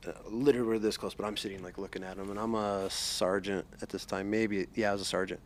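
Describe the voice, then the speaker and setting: A man's voice: fairly low pitch, level tone, quick pace, slight background noise. A man hosting a podcast interview, telling rambling, profane stories with many restarts. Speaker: podcast host. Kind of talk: casual interview chat.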